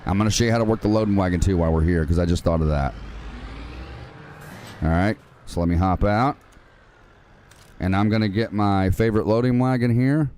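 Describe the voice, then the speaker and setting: A man's voice: fairly low pitch, brisk, long pauses, warm tone, slight background noise. Chatty man streaming a game. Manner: casual, chatty, calls viewers man and dude. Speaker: gaming livestream host. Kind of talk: live game tutorial with chat.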